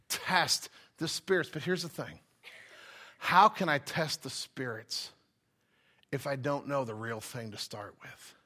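A man preaching a sermon in a loose, conversational style. His voice sits high for a man and has a bright, forward edge, and he talks easily and informally. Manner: casual, chatty preaching with frequent fillers. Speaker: pastor.

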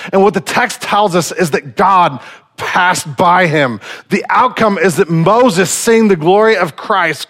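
A man's voice: sits high, a bit bright. A man preaching a sermon as a pastor, casual and conversational with slangy asides.

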